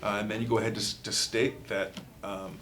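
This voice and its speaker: A man's voice: lowish voice, flat delivery, crowd noise. Male interviewer asking long questions. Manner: attentive, asks long questions with pauses. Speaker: interviewer host.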